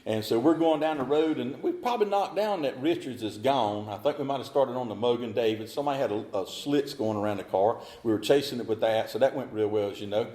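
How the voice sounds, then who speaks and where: A middle-aged man, telling his story as a speaker at a recovery meeting in a folksy, animated way. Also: mid-range voice, fast, hardly any pauses, roomy sound.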